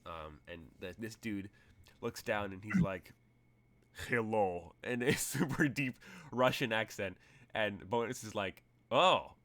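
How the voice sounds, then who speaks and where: A man's voice: on the low side, a bit bright. A man narrating as game master in a tabletop role-playing game, rambling through vivid, detailed scene descriptions.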